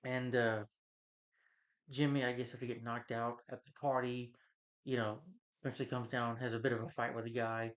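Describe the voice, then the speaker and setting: A man's voice: medium pitch, level tone, moderate pace, dull audio. A man rambling through a casual, profane movie review rant, full of fillers and restarts. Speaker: film reviewer.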